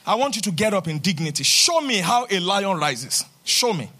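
A man preaching a fervent sermon in church, swinging between loud shouted declarations and quieter talk. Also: high voice, very animated, moderate pace. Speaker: pastor.

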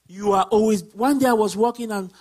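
A man, a deacon, preaching a sermon with emphatic, repetitive lines that build up to shouts. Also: sits high, fairly quick.

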